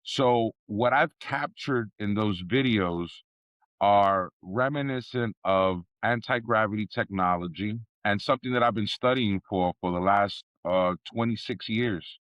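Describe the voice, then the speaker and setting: A man's voice: lowish voice, unhurried, dry recording, lo-fi sound. A man from Puerto Rico, a podcast guest telling stories in a laid-back, profane way and laughing often. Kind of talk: casual storytelling interview.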